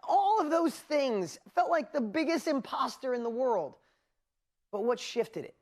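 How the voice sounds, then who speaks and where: A woman's voice: high-pitched, unhurried. A middle-aged woman with a New York accent giving a motivational seminar talk as a business coach, telling stories and acting out her own inner voice. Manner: animated storytelling with acted-out inner voices.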